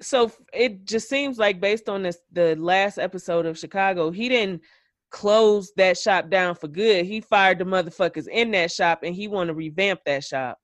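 A woman's voice: mid-range voice, normal speed, no room sound. A woman hosting a podcast, giving a blunt, profane, opinionated recap in casual chat. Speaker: podcast host.

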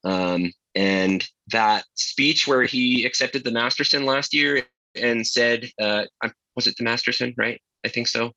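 An earnest musician guest, a man with a mid-pitched, bright voice heard close and dry. He talks hesitantly, with plenty of "um"s, and sounds grateful. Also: measured pace, no room sound, highs cut off. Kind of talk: casual interview chat.

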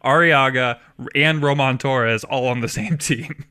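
Bright-voiced man rambling with laughs. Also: mid-range voice, measured pace, clear, resonant tone. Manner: rambling, laughs often, many fillers. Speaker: podcast co-host. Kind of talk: casual sports podcast chat.

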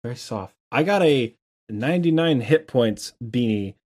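A man co-hosts a relaxed gaming podcast, rambling along with lots of filler words and poking fun at himself. His voice is at a typical middle pitch for a man. He sounds easygoing and chatty. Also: unhurried. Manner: rambling and self-deprecating, heavy use of filler words. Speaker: podcast co-host. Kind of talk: casual gaming podcast chat.

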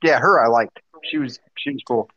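Veteran guest man, halting and cussing, dry muffled sound. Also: medium pitch, fairly bright tone, no echo. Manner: halting, profane, hesitant. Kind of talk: casual podcast chat.

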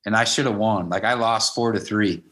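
A man in his fifties tells stories in a relaxed interview, speaking as a high school wrestling coach. His voice sits somewhat low. He keeps slipping into the voices of the people in his stories, quoting what each one said. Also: normal speed. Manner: anecdotal, acts out quoted dialogue with "I'm like". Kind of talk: casual storytelling interview.

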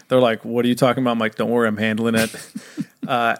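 A man telling a story on a podcast as a guest, animated, laughing often and swearing. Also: medium pitch, quick pace. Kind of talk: casual storytelling.

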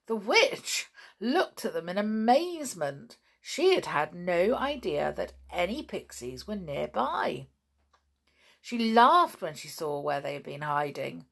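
A woman reading a children's story aloud with gentle, expressive delivery. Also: on the low side, slow pace, creaky.

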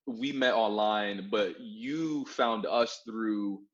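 Low-voiced New podcast host. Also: male voice, takes it slowly, husky, highs cut off. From New York. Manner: relaxed and friendly, slangy, laughs easily. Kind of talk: casual interview chat. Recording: music playing behind.

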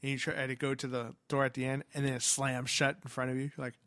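A man's voice: medium pitch, flat delivery, quick pace, fairly bright tone, no echo. Laughing, swearing man on a podcast. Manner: laughs often, swears, acts out scared reactions. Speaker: podcast co-host. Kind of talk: casual chat.

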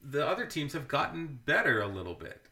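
A man's voice: on the high side, very animated, a little fast, bright, forceful tone, reverberant. A man co-hosting a podcast, chatting casually about baseball with dry humor and plenty of self-corrections. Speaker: podcast co-host. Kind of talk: casual sports chat.

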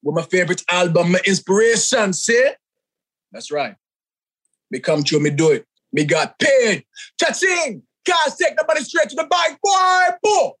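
A brash, money-hungry showman with a thick Jamaican accent, put on by a man in a podcast chat. He brags and hollers in a lively voice and drags his words out for effect. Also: sits high, heavily acted. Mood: boastful. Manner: exaggerated, boastful, drawn-out shouts.

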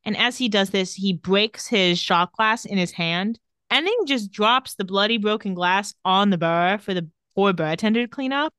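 A woman's voice: medium pitch, normal speed, hardly any pauses, fairly bright tone, clear, resonant tone, dry recording, clean studio sound. A woman co-hosting a casual podcast, retelling scenes and quoting characters' lines, laughing often. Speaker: podcast co-host recapping a TV episode. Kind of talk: casual chat.

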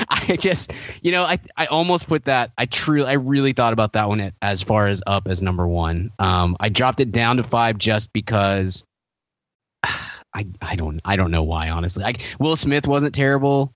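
A man's voice: fairly low pitch, expressive, normal speed, dry recording, muffled recording. A man co-hosting a podcast in casual chat, wry, laughing often, rambling with restarts. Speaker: podcast co-host.

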